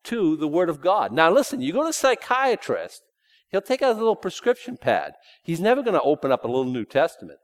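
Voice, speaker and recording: A man preaching a sermon in a folksy, emphatic way, swinging between loud points and hushed asides. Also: a little high, wildly swooping pitch, brisk, dry recording.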